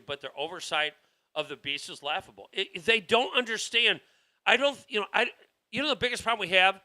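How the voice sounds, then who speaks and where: A man's voice: sits high, pushed and bright. A man hosting a political talk show, delivering a rambling, heated monologue with frequent restarts. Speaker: show host.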